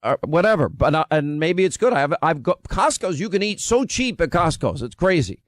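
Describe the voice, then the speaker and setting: A man's voice: fairly high pitch, big pitch swings, no room sound. A man from Long Island with a New York accent, hosting a talk radio show in casual, bantering style. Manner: brash, bantering, quick to interrupt.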